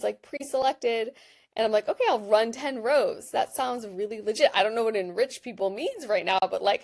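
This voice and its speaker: A woman in her thirties giving a chatty, animated product walkthrough while she clicks through an app, with lots of "like" fillers. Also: medium pitch. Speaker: behavioral design researcher. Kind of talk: screen-share product walkthrough.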